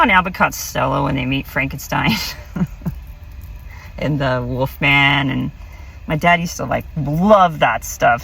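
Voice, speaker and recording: A woman's voice: low voice, creaky, a bit bright, recorded from a distance, a little hiss or hum, poor audio. A woman vlogger casually telling a personal story, rambling with many fillers and restarts. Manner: rambling, filler-heavy, self-interrupting.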